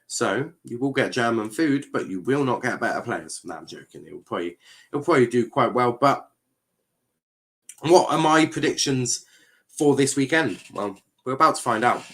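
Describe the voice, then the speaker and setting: A man's voice: medium pitch, lively intonation, normal speed, fairly bright tone. A man hosting a casual football show, rambling along, reading out viewer comments with plenty of hesitant fillers and restarts. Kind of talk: casual live-stream chat.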